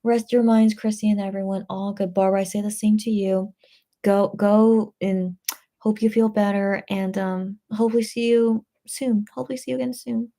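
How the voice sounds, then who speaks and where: A woman's voice: medium pitch, fairly even intonation, moderate pace, mellow. A woman hosting a late-night livestream, reading viewer comments aloud and chatting back in a rambling way, full of fillers and restarts, sounding tired and a little tipsy. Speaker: livestream host reading chat.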